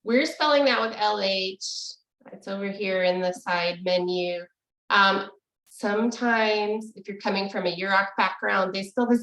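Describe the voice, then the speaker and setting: A woman's voice: mid-range voice, a bit bright, roomy sound, rough recording. A woman teaching a casual online language lesson, explaining in a chatty way and laughing easily, over a video call. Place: room with echo, video call.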